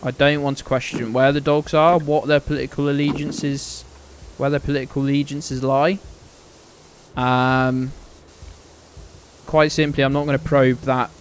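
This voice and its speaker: A man's voice: medium pitch, little pitch movement, a little slow, a little hiss or hum, rough recording. A man streaming a game, chatting casually to his viewers in a rambling, sweary, joking way.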